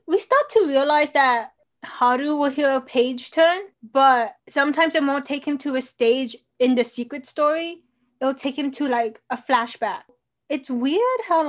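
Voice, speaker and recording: A young woman co-host chatting casually, telling the story with lots of fillers. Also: sits high. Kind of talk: casual chat recapping a TV drama.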